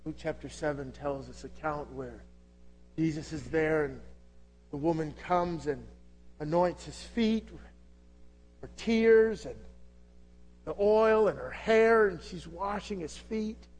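A man delivering a sermon in a notably high voice. He preaches with passion, drops to a hush, then builds again. He asks rhetorical questions all along. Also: takes it slowly, long pauses, a little hiss or hum. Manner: impassioned, rhetorical questions, swings from loud to hushed. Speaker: pastor.

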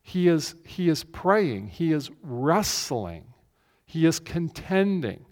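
A male pastor speaks slowly in a fairly high, very animated, slightly mellow voice, preaching conversationally and circling back to key phrases for emphasis. He stands in a church before a screen, and the sound carries a large hall's long reverb.

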